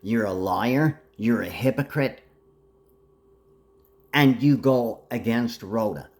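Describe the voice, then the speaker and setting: A man's voice: medium pitch, takes it slowly, a little mellow. A man delivering a rambling, agitated monologue full of threats, jumping between topics.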